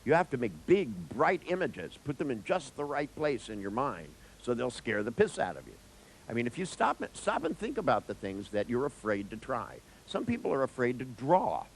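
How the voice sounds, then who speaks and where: A man's voice: mid-range voice, normal speed, vocal fry, slight background noise, poor audio. A therapist giving a live seminar talk to an audience, joking and speaking straight to listeners as he explains. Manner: animated, joking, acts out dialogues with clients.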